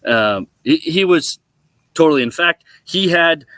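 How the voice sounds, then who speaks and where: A man's voice: a little high, unhurried, no room sound. A middle-aged man, a former college quarterback and now a guest on a sports talk show, telling stories casually and acting out the quotes. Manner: animated storyteller, acts out quotes.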